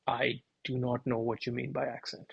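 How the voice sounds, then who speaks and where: A man voicing a thin, frail, elderly butler who speaks with stiff formal politeness, softly and low in his husky voice. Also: level tone, normal speed, no echo, dull audio. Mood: stiffly polite. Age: older.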